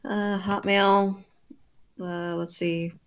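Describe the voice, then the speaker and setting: A woman's voice: medium pitch, little pitch movement, very slow, dull audio, a little hiss or hum. A woman streamer chatting casually with a friend while drawing, rambling and often breaking off to restart her sentences.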